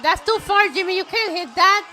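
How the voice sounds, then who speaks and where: A woman streamer reacting live to a wrestling show, excitable and swearing, often shouting at the action. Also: extremely high pitch, moderate pace, noisy background. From Puerto Rico. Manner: excitable, profane, shouts at the screen.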